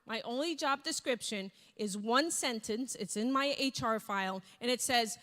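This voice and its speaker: A woman's voice: fairly high pitch, moderate pace. A woman speaker on stage telling a story with energy and acting out the voices of people she quotes. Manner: animated, acts out quoted voices. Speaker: keynote speaker. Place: large event hall. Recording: reverberant hall.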